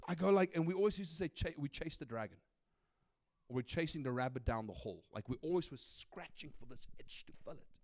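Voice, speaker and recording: A middle-aged man preaches with a slightly raised pitch and an easy, conversational delivery. He tells personal stories and keeps checking in with his listeners by asking "right?", which makes the sermon feel like a talk among friends. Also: fast. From South Africa. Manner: animated, conversational, often asks "right?". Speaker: guest preacher.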